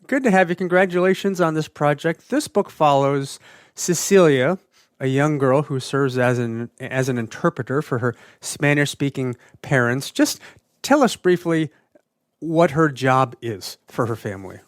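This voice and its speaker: A man's voice: a little high, moderate pace, dry recording, clean studio sound. A man hosting a radio interview, asking questions in an inquisitive way.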